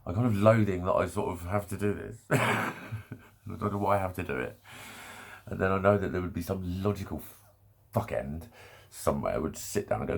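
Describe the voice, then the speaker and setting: A man's voice: low voice, normal speed, gravelly, pauses often, husky. A man in a rambling solo vlog rant, swearing often and breaking off mid-sentence. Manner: rambling, swearing, self-interrupting. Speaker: vlogger. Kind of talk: candid solo rant to camera.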